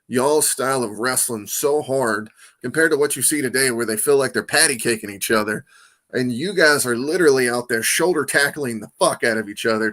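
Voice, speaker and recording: A male podcast host in casual conversation with a guest, excitable and animated. His voice sits at an ordinary middle pitch, with loud bursts of enthusiasm between quieter asides. He keeps checking in with his listener as he talks. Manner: peppers talk with "man" and "you know what I mean". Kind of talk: casual interview chat.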